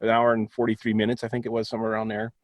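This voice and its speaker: A man's voice: on the low side, completely flat delivery, rapid-fire, no echo. A man in a casual film review chat who rambles and restarts his thoughts often.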